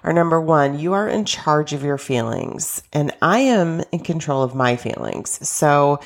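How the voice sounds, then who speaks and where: Stuffy low-voiced woman podcast host. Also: lively intonation, unhurried. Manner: chatty, upbeat, with small restarts. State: stuffy, congested voice. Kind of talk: casual self-help podcast talk.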